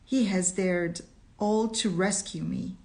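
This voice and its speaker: A withdrawn young woman in a storybook reading, speaking quietly and in a subdued way, as the woman reading aloud voices her. Her words come soft and distant. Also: medium pitch, steady tone, slow. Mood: dazed.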